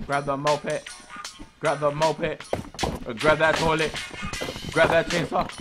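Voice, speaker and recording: Excitable man commentating a game over music. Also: on the high side, slow pace, pauses often. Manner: excitable, yells orders at his mob. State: out of breath. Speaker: gaming YouTuber. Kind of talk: casual let's play commentary.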